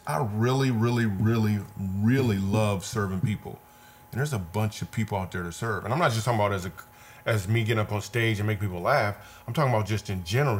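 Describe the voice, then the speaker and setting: Earnest low-voiced man telling a story. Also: slight background noise. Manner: earnest, repetitive, vivid retelling. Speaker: comedian guest. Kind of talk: conversational storytelling.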